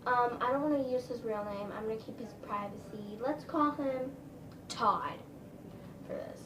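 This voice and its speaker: Chatty higher-voiced woman, roomy sound. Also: normal speed, recorded from a distance. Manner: chatty, rambling, lots of "like" and "um". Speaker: vlogger telling a story. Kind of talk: casual storytime. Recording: roomy, a little off-mic, faint room noise.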